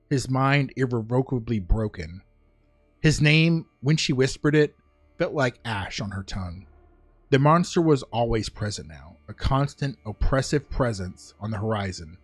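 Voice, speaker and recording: A man of middling pitch narrates a grim tale in a solemn, measured voice. The recording is dry and close, with soft music playing faintly underneath. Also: dry recording. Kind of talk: scripted story narration.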